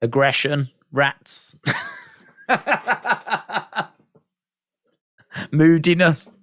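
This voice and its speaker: A man's voice: fairly high pitch, expressive, drawn-out words, fairly bright tone, dry recording, studio quality. A British man hosting a casual live stream, musing aloud, reading out viewer comments and poking fun at himself. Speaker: livestream watch-along host.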